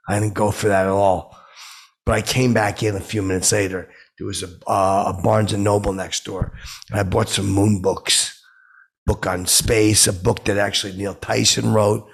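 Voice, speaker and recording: Gravelly rambling man telling crude stories. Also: low voice. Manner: boastful, rambling, crude and oblivious. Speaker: comedy podcast host in character. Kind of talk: rambling comic monologue.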